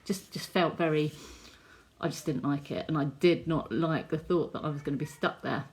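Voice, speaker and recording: A woman's voice: sits low, normal speed, darkish tone. Chatty woman telling a faith story. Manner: chatty storytelling with many likes and ums; earnest, heartfelt. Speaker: testimony speaker. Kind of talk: personal faith testimony.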